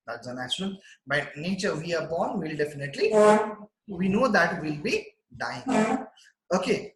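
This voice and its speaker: A man teaching, reading a story line by line and explaining it in simple English, with an animated delivery. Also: on the high side, brisk, reverberant, low-quality recording. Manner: animated, reads text aloud then explains in simple English. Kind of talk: line-by-line literature lesson.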